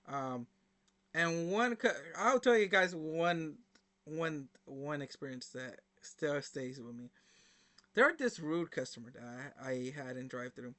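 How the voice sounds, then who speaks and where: A man's voice: fairly high pitch, expressive, measured pace, pushed and bright. A young man hosting a reaction video, telling stories in a casual, rambling way with lots of fillers and slang. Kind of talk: casual storytelling to camera.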